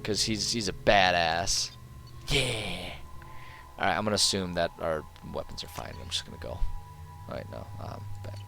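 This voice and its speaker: Brief: a low-voiced male streamer, casual and snarky, talking back to a game over quiet music. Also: lively intonation, normal speed, vocal fry. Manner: sarcastic, heckles game characters. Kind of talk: casual gameplay commentary. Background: faint game music.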